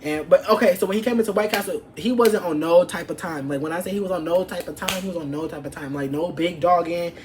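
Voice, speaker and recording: A young adult woman vlogger telling an animated, profane story from her past and acting out what people said. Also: lowish voice, fast, few pauses, a little hiss or hum. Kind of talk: storytime vlog.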